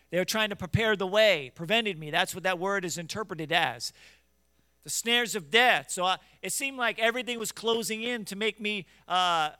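A man preaching a fervent sermon in a high, bright and clear voice. He moves between quiet scripture teaching and loud, urgent exhortation, scolding his listeners head-on. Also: no echo. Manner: scripture in King James wording, direct scolding of listeners.

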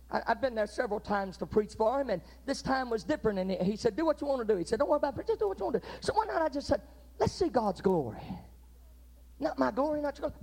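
Older preacher, folksy stories, lively up and down pitch, gets loud in bursts. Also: male voice. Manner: folksy storytelling preaching with sudden loud outbursts. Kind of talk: sermon.

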